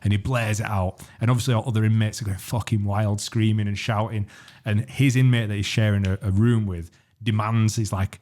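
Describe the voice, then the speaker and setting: Deep-voiced man rambling casually. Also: steady tone, brisk, a little mellow. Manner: rambling, swears freely, many restarts. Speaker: podcast host. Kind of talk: casual podcast chat.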